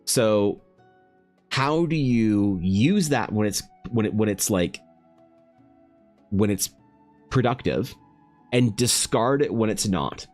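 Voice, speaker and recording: Man, art streamer, casual monologue, rambling, many restarts, fairly low voice, soft music underneath. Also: animated, slow, long pauses. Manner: rambling, loose, with many restarts and filler words; chatty, greets viewers directly.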